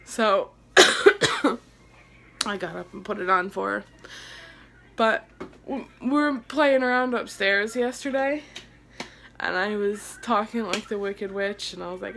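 A woman's voice: medium pitch, takes it slowly, creaky, long pauses, fairly bright tone, a little hiss or hum. A young woman chatting casually in a home vlog as a mom, talking through her day with her kids nearby. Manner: chatty, talks to kids between remarks. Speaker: vlogger mom. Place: home, indoors.

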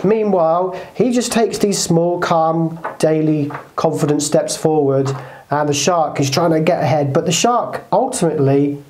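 A man co-hosting a casual motivational chat, telling stories in an animated way and putting on voices. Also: a little high, normal speed, slight background noise. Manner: animated storyteller, puts on voices. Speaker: co-host. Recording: roomy echo.

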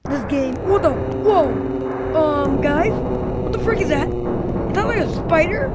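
A woman commentating her own gameplay for viewers, reacting in a jumpy, excitable way and talking straight to them. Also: high voice, normal speed, heavy background noise. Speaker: gaming video host.

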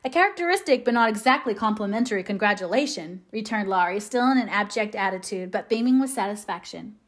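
A woman narrating a classic novel aloud in a measured, gently expressive way. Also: mid-range voice. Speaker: audiobook reader. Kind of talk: scripted narration.

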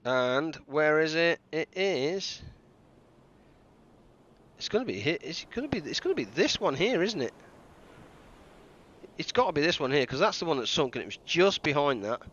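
A man's voice: on the high side, very animated, normal speed, pauses often, a bit bright. Man streaming a game, lo-fi mic. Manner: thinks aloud, joking and self-mocking. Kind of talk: live gameplay commentary.

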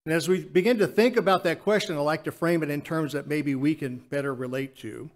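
A man giving an earnest Lord's Supper reflection in church, slowing down to stress key phrases. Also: on the high side. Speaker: church speaker. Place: church sanctuary.

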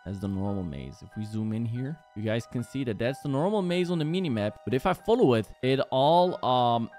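A man's voice: medium pitch, animated, fairly quick, a little mellow. Jumpy young man playing a horror game. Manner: jumpy, panicky, talks to viewers as guys. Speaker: gaming YouTuber. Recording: game music behind.

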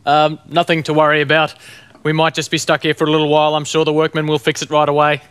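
A woman in a children's TV sketch whose voice is stuck low and flat, sounding puzzled. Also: fast talker, smooth. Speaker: children's TV presenter.

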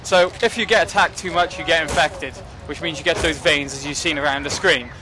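A young man giving casual, excitable commentary while playing a game, joking and swearing at what happens on screen. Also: a little high, fairly quick, soft background music. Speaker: gaming commentator.

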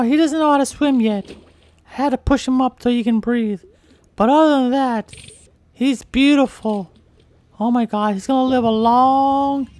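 A woman's voice: sits high, a little mellow. A woman voicing a doting, protective new mother dolphin over gameplay, gushing and melodramatic.

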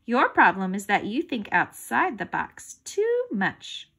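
A woman's voice: mid-range voice, wildly swooping pitch, slow, vocal fry, fairly bright tone, slightly rough, exaggerated voice. A woman reading aloud, voicing a smart young schoolgirl who always knows the answer. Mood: friendly.

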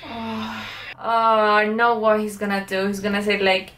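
A woman hosting a movie reaction, chatting excitedly and swearing casually as she watches. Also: mid-range voice, measured pace, roomy sound.

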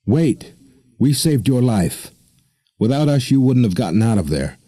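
A man's voice: deep voice, normal speed, mellow, breathy edge. A man voicing a desperate, stubborn young woman who pleads and insists. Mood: pleading.

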